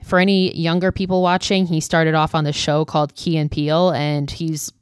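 Low-voiced young woman, chatty and smooth. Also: flat delivery, normal speed, no echo, clean studio sound. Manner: chatty, loose and profane, with constant "like" fillers. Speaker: podcast host. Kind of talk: casual film recap.

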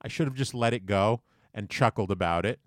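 A man's voice: fairly low pitch, brisk, no room sound. A man in a basement podcast studio, talking casually into a big microphone. He rambles and mocks himself, with plenty of fillers. The sound is dry and close. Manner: rambling, self-mocking, with fillers. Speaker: podcast co-host. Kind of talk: casual storytelling chat. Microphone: large studio microphone.

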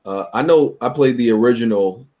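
A man's voice: mid-range voice, fairly quick, mellow. A man in a casual gaming chat, telling stories with a wry edge. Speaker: podcast co-host.

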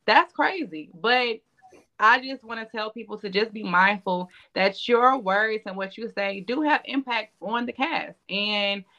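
Bright-voiced woman, earnest, warns viewers about their words. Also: medium pitch, measured pace, lo-fi sound. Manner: earnest, cautioning. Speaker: former reality show cast member. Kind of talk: casual chat.

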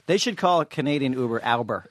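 A man's voice: medium pitch, brisk, no echo. A man co-hosting a podcast, telling rambling stories and joking in a casual chat. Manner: rambling storyteller, lively and joking. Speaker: podcast co-host.

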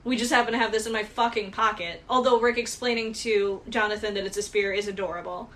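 A woman co-hosting a podcast, chatting about a movie in a casual, animated way and swearing often. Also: medium pitch, fast. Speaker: podcast co-host. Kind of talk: casual movie recap chat.

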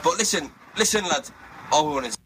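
A man, bantering excitably and laughing while pleading with staff. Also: a little high, a little fast, crowd noise.

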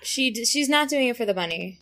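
A woman's voice: a little high, lively intonation, fairly quick, sharp tone. A young woman co-hosting a casual book podcast, wry and playful, swearing casually. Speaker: podcast co-host. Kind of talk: casual book-club chat.

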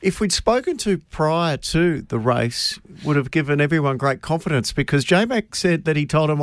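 A man's voice: fairly high pitch, moderate pace, few pauses, dry recording. A man hosting a racing radio show, upbeat as he introduces a guest. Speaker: radio host. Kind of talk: racing talk chat.

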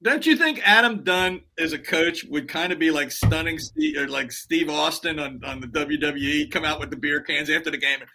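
A man's voice: on the high side, normal speed, few pauses, sharp tone. A man co-hosting a casual sports podcast who often stammers and repeats words. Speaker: podcast co-host.

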